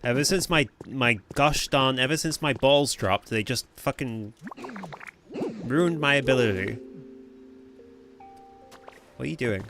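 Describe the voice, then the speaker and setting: A man's voice: mid-range voice, unhurried, long pauses. A man casually commentating on a game he is streaming, joking, swearing and chatting with viewers, over background music. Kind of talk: casual let's-play commentary.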